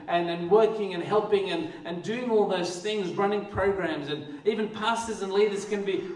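A man preaching a sermon as pastor, talking earnestly and often repeating words as he starts a phrase. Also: high voice. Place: church hall. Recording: echoey hall, voice from far off.

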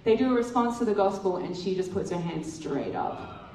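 A woman giving a testimony sermon at church, telling a lively story and acting out the dialogue. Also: lowish voice, moderate pace, slight background noise. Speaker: church speaker. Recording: roomy hall from a distant mic.

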